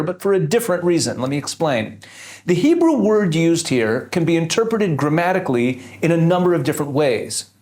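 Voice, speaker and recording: Guy teaching bible verses, kinda high voice that bounces around a lot, walks through it step by step. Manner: explains step by step, asks rhetorical questions. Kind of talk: scripture teaching.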